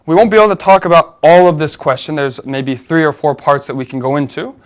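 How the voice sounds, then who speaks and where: Man explaining ideas in a higher voice. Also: animated, fast. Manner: thoughtful, explaining step by step with many fillers and restarts. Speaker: co-host. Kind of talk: conversational discussion.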